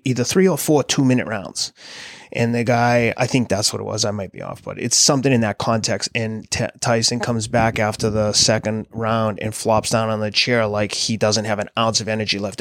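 Animated rambling man telling a story. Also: lowish voice, no room sound, clean studio sound. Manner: rambling, animated, many fillers and restarts. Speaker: podcast host, endurance athlete. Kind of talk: casual storytelling conversation.

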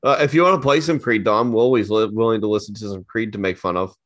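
A man co-hosting a casual podcast chat, easygoing and quick to laugh. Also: on the low side, no room sound, clean studio sound. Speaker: podcast co-host.

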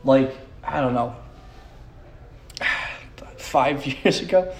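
A man's voice: mid-range voice, very slow, gravelly. A young man hosting a solo podcast, rambling in a profane, self-mocking way and laughing often. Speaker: podcast host.

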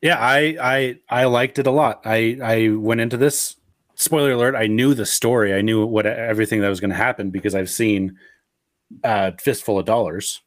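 A man co-hosting a film-review podcast who speaks in an animated way, with many halting restarts. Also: on the low side, dry recording, clean studio sound. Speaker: podcast co-host. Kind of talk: casual film-review chat.

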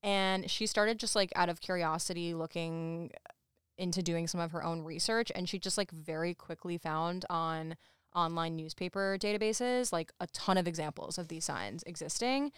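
Chatty woman with a crisp, smooth voice. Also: on the low side, moderate pace, no echo, clean studio sound. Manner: chatty, lots of "like", laughs while talking. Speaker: podcast co-host. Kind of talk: casual chat recapping a show.

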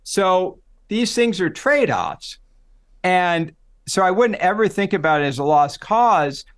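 Animated middle-aged man telling stories. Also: sits high, slow, smooth. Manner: animated storyteller, acts out quoted voices. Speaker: psychology professor guest. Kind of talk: casual conversational interview.

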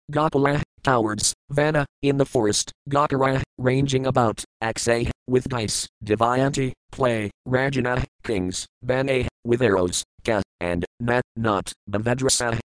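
Male reader for scripture glosses: measured, list-like delivery, dry close recording. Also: medium pitch, smooth, no echo, poor audio. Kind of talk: scripted recitation of verses with word meanings.

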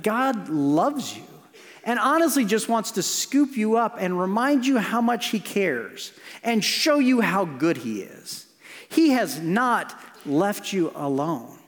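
A man preaching a sermon as pastor, telling stories with restarts and moving between lively and hushed passages. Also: high voice. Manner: storytelling with frequent restarts, swinging between animated and hushed. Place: church sanctuary. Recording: long church reverb.

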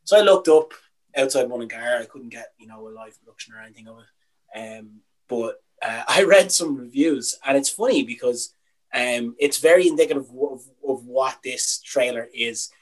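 A man's voice: mid-range voice, normal speed, rough recording. A young Irish man co-hosting a casual podcast, opinionated and ranting, with some swearing. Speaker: podcast co-host.

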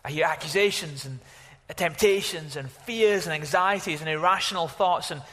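A man preaching a sermon as pastor, animated, exclaiming at times and dropping to a hush at others. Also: on the high side, normal speed, big-room sound. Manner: animated, exclaiming, varies from loud to hushed.

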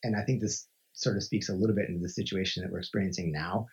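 A man from Montana, a podcast guest, tells a story in a husky, very raspy, low voice. He talks casually with many filler "like"s and acts out the voices he quotes. The recording sounds somewhat dull and lo-fi. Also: fairly even intonation, quick pace, darkish tone. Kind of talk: conversational storytelling.

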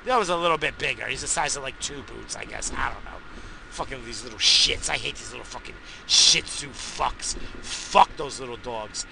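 A man in a profane, angry rant who swears constantly and bursts into shouting. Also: medium pitch, moderate pace, vocal fry, a crowd in the background, low-quality recording.

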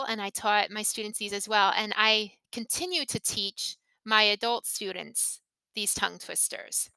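Slow, crisp woman teaching pronunciation. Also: mid-range voice, sharp tone, no echo. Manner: careful, deliberate modeling of intonation. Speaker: English teacher and podcast host. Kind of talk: slow, clear pronunciation lesson.

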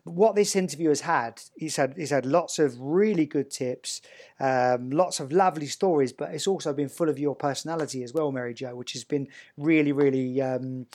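A Southern English man hosting a relaxed interview podcast, with a voice that sits a little higher than most men's. He is chatty and encouraging and often restarts his sentences. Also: normal speed. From south of England. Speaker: podcast host. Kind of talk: casual interview chat. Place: home, northern England, evening.

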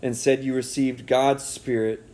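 A man preaching a heartfelt sermon, earnest and emotional, often dropping soft and low when he is moved. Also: little pitch movement, measured pace. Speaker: pastor.

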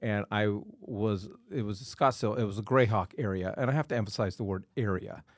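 A man hosting a real estate podcast, telling a story in an animated, emphatic way. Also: fairly low pitch, a little fast, dry recording, clean studio sound. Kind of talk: casual chat.

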